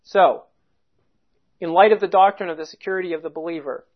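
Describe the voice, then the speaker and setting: A Bible teacher giving a verse-by-verse teaching in a deliberate, explanatory way, leaning hard on key words. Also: medium pitch, dull audio.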